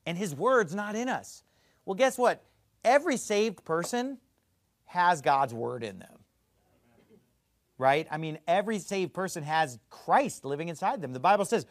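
Male pastor, emphatic sermon, bright high voice with wide swings. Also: lively intonation, measured pace, dry recording, studio quality. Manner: emphatic, argumentative preaching.

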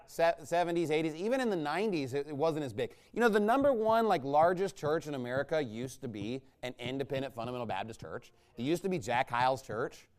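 A man preaching a combative, mocking sermon, swinging between low muttering asides and loud outbursts. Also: lively intonation, fast talker, hardly any pauses. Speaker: pastor. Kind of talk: fiery sermon rant.

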